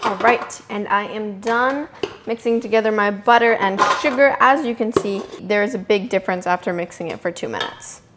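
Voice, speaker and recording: A woman's voice: mid-range voice, normal speed, over music. A young woman hosting a casual home baking tutorial, chatty and self-amused, talking while she works in her kitchen. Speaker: home baking video host. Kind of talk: casual cooking tutorial narration.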